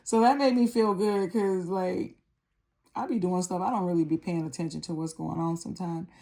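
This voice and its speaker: A woman chatting casually and relaxed with frequent ums and likes as she walks through a nail art tutorial. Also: fairly low pitch, normal speed. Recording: electric nail file buzzing behind.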